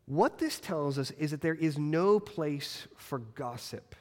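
Strong pitch swings mark this pastor's expressive sermon, his fairly high voice pressing each point and slowing emphatically on the words meant to land. He preaches in a church sanctuary where a long reverb hangs in the air.

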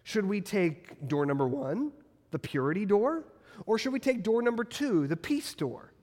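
A pastor delivers a sermon in a church sanctuary, his fairly high voice swinging up and down as he drives each point home and slowing on the words he wants to land. A long reverb makes his expressive preaching hang in the room.

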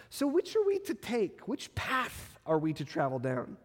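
A man preaching in a church with a fairly high voice that swings up and down as he presses each point. He slows down on the words he wants to land. His voice rings out with a long reverb that hangs in the room. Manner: expressive preaching with strong pitch swings and emphatic slowing. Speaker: pastor. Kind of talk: sermon. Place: church sanctuary.

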